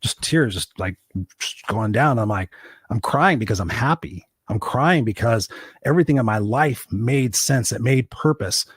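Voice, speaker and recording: A man's voice: mid-range voice, animated, moderate pace, slightly rough, no room sound, studio quality. A man telling a personal story as a podcast guest and motivational coach, emphatic and speaking straight to the listeners. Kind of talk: storytelling interview talk.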